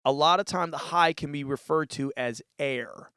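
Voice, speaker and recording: A man's voice: a little high, normal speed, pushed and bright, clean tone, dry recording, clean studio sound. A man giving a casual tutorial on a live mixer, talking loosely and saying "dude", speaking into a vocal mic. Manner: laid-back, says "dude" a lot, demonstrates with his voice. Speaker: music tutorial host. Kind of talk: casual instructional demo. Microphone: vocal mic through a live mixer.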